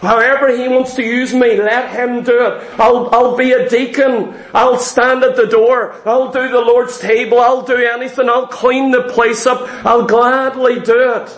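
A male preacher with a very high-pitched, level voice delivers an emphatic sermon in church, repeating key phrases and slowing down to stress them. The room is echoey and the audio is poor.

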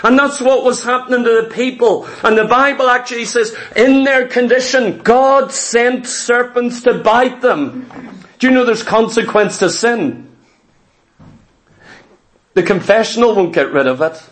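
Male preacher, high-pitched, emphatic sermon delivery, repetitive rhythm. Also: a little slow, a bit bright.

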